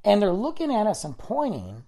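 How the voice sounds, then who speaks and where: A man's voice: sits high, moderate pace, creaky. A man casually telling a rambling story on his vlog, correcting himself as he goes and acting out what people said. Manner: animated, rambling, self-correcting, acts out quoted dialogue.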